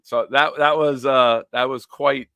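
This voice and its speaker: A man hosts a casual sports talk livestream. He talks in an animated, joking way and slips into silly voices. His voice is bright and forceful, recorded dry and close. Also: mid-range voice, unhurried, clean tone, no echo. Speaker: podcast host.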